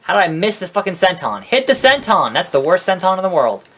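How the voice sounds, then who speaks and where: A man's voice: high voice, lively intonation, quick pace, fairly bright tone, slight background noise. A young man casually commentating his wrestling video game playthrough, rambling, sarcastic and swearing at the characters. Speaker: gaming video host. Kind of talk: casual let's-play commentary.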